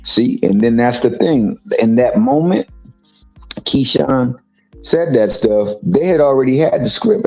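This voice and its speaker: A man's voice: medium pitch, unhurried, creaky, a little mellow, faint music behind, poor audio. A man co-hosting a casual boxing talk show, making his points emphatically and often repeating words. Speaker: co-host.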